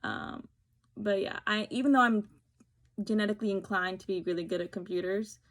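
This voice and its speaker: A woman's voice: medium pitch, brisk. A woman from New Jersey, talking to camera in a casual, snarky, sarcastic way and acting out what other people say. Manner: snarky, sarcastic storytelling with quoted voices. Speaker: beauty vlogger.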